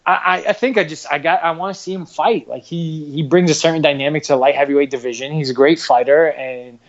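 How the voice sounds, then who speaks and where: A man chatting casually on a podcast, halting and repeating his words as he talks. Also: a little high, steady tone, muffled recording.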